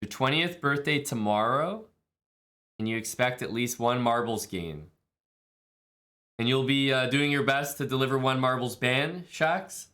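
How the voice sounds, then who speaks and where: A man's voice: mid-range voice, measured pace, pushed and bright. A man streaming live, chatting casually with viewers and thanking them, laid-back and jokey. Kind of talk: casual stream chat, reading viewer messages.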